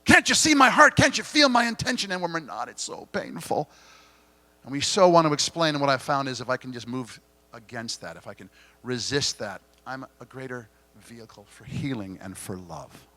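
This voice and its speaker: Earnest man giving an inspirational keynote. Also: medium pitch. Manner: earnest, gently confessional, dramatic pauses. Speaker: keynote speaker. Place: conference hall stage.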